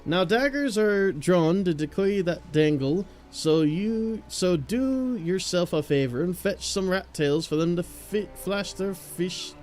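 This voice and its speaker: A man's voice: high voice, lively intonation, measured pace, few pauses, darkish tone, faint music behind. A man voicing a sly old sea hand who talks in alliterative tongue-twisters, tripping over his words during a live-streamed game.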